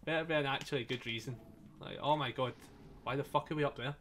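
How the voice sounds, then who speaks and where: A man's voice: mid-range voice, fast talker, fairly bright tone, slight background noise. A man casually commenting on a story game he is playing live, joking with his chat, laughing often and swearing freely, his voice a little strained. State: slightly strained voice. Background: faint game soundtrack music.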